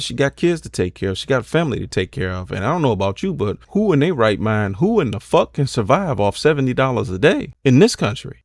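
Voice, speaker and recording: A man's voice: medium pitch, vocal fry, dry recording. Guy ranting on his channel, blunt and swearing, dry close sound. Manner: blunt, profane and emphatic. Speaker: commentary channel host. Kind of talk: casual commentary.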